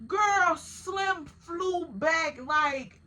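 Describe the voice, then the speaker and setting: A woman telling a story to her viewers in a casual, animated way, swearing freely and speaking straight to them. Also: very high-pitched, extremely slow.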